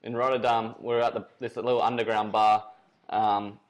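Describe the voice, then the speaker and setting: A man's voice: lowish voice, little pitch movement, normal speed, muffled recording. A man co-hosting a casual podcast, telling a rambling, laid-back anecdote. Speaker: podcast co-host, BMX racer.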